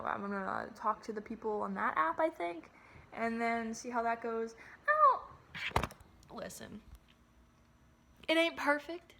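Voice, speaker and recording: A woman's voice: a little high, fairly bright tone, slight background noise. A young adult woman talking candidly to her phone camera at home, rambling, swearing freely and often restarting her sentences. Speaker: vlogger. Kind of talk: casual rambling monologue to camera.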